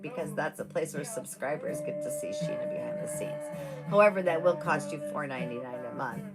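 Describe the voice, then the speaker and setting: Chatty woman with a gravelly voice. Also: lowish voice. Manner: rambling, chatty, frequent fillers. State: scratchy throat. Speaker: live streamer. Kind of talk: casual live-stream chat. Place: at home at a table. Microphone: device mic without boom arm.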